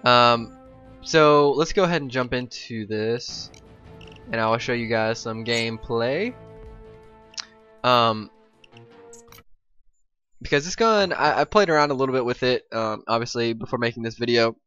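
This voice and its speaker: A man's voice: medium pitch, unhurried, long pauses, bright, forceful tone, clear, resonant tone, muffled recording, faint music behind. A young man giving casual, rambling game commentary as a voice-over, full of ums and asides. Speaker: gameplay commentator.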